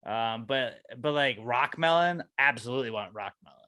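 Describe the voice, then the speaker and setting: A man co-hosting a podcast in casual chat, playful and swinging from loud outbursts to mumbled asides. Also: medium pitch, fairly quick, no echo. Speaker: podcast co-host. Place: podcast studio.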